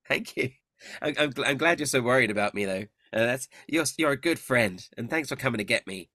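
A man's voice: medium pitch, huge pitch swings, moderate pace, pushed and bright, no echo, clean studio sound, pitched above the performer's own voice, full character voice. A man putting on a chatty, rattled companion. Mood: sheepish. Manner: rambling and apologetic. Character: chatty, sheepish male companion, rattled and grateful.

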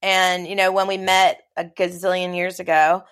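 A middle-aged woman from Los Angeles, a film producer talking as a guest in a casual interview, chatty and animated. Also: lowish voice. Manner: chatty, animated storytelling with quick asides. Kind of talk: casual conversation.

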